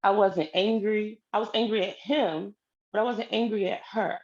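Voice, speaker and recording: A woman's voice: mid-range voice, moderate pace. Lady telling her own story, acts out all the dialogue, kinda dull lo-fi sound. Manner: animated, acts out quoted dialogue. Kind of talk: personal storytelling.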